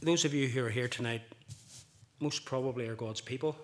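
A man preaching a sermon, impassioned, building louder and higher on key points and acting out quoted speech. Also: a little fast. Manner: acts out quoted speech vividly.

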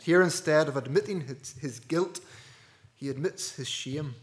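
A man preaching a sermon earnestly, dropping to a hush and rising to loud stresses. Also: a little high, normal speed. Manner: earnest, with wide swings between hushed and loud.

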